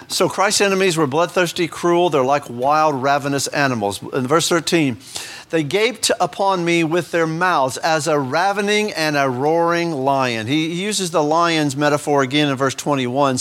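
A man's voice: on the high side, fairly bright tone. A man preaching a verse-by-verse sermon in a conversational, joking manner, with many restarts and fillers. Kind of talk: sermon, verse-by-verse Bible teaching.

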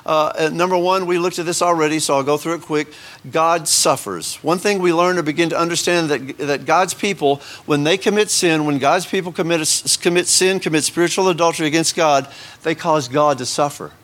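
In this Sunday school class, the teacher chats with his congregation, filling the casual Bible lesson with joking asides, fillers, and many restarts. His voice sits on the high side and is fairly bright, and he talks a little fast.

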